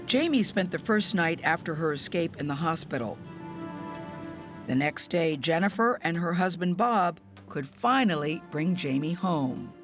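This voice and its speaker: A woman correspondent narrating a news report in a measured, solemn way and interviewing family members. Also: on the low side, expressive, music in the background.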